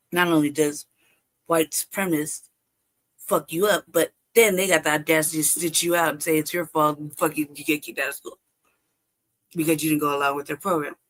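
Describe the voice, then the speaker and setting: A woman hosting a live stream, telling a personal story in casual, profane talk, often laughing and acting out past exchanges. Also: deep voice. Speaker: livestream host.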